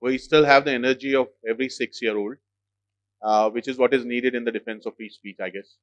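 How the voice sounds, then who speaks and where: A man who is an editor-in-chief gives a formal address at an event, speaking in a measured way with frequent "uh" fillers. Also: medium pitch, no room sound. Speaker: editor-in-chief of a legal news outlet. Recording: dry, slightly dull lo-fi sound.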